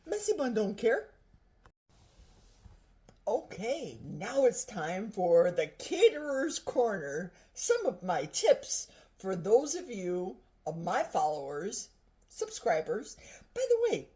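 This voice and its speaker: Older woman, food vlogger, high-ish voice with lively swoops, unhurried delivery. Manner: animated, chatty, talks with mouth full. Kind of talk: casual cooking vlog with tasting.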